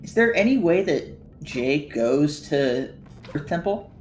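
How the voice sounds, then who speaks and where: A man's voice: on the high side, big pitch swings, slow, a little mellow, slight background noise. A man commentating a live game tournament casually, laughing easily and asking his co-commentators questions. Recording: roomy echo on his mic.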